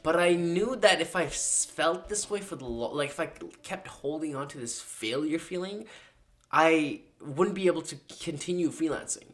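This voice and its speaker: A man telling a personal freelancing story in a casual, animated vlog style, slangy and dramatic in the retelling. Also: a little high, normal speed, soft background music. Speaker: freelance marketing creator.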